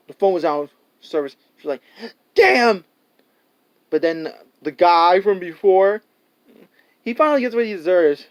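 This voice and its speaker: Male reviewer, high smooth voice, loose rambling recap, acts out scenes. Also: lo-fi sound. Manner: rambling, full of "like" and restarts; laughs often and acts out scenes. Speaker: movie reviewer. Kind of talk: casual spoken movie review.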